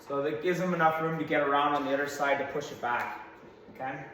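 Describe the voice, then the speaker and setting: A slightly hoarse man coaching through a workout, giving practical cues in a large gym. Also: a little high, steady tone, fast, fairly bright tone, a little hiss or hum. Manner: practical, coaching cues, talks to his son in asides. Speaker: strength coach. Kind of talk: instructional workout walkthrough. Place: large echoey gym, indoors. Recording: echoey gym from a distance.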